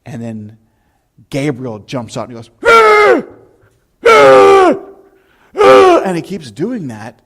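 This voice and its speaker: In a church sanctuary, a male pastor preaches through stories at a normal speed, his medium-pitched voice carrying a slight hiss or hum. His anecdotes are lively, punctuated by shouted imitations.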